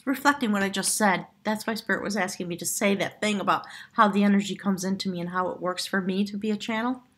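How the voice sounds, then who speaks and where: Breathy-voiced woman giving a tarot reading. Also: mid-range voice, quick pace. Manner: effusive, heartfelt, meandering with fillers. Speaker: tarot reader. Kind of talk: spiritual tarot reading to camera.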